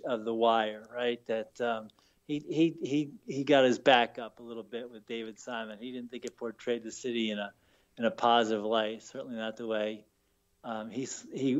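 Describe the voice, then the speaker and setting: A man's voice: mid-range voice, dull audio. A man from Baltimore, a book author being interviewed on the radio, telling stories with lots of fillers and repeated words. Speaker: author guest. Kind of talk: casual radio interview storytelling.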